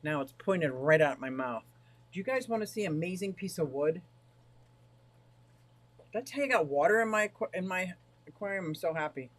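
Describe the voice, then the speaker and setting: A chatty, excitable man livestreaming from his home fish room into a directional mic, talking to viewers while fiddling with his gear. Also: high voice, brisk, long pauses, no room sound. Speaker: aquarium hobbyist livestreamer. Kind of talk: casual live stream chat to viewers. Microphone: directional microphone.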